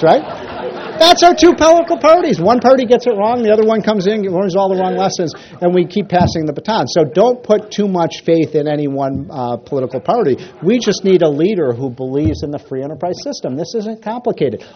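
A man's voice: sits high, brisk, lo-fi sound. A man giving a casual, rambling political talk to a crowd, telling jokes and stories. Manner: rambling, animated storyteller with restarts.

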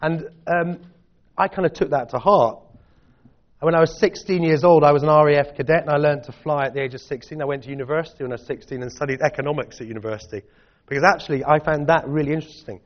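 A man's voice: on the high side, fast. A middle-aged Scottish man answering audience questions in a chatty, self-deprecating way. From Scotland. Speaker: guest speaker. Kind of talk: public talk and Q&A. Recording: dull lo-fi audio.

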